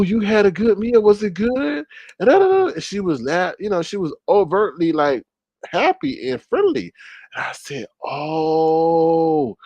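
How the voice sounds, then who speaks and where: A man's voice: mid-range voice, vocal fry, no room sound. A man telling a story in casual commentary, gossipy, with dramatic exclamations. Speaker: commentary vlogger.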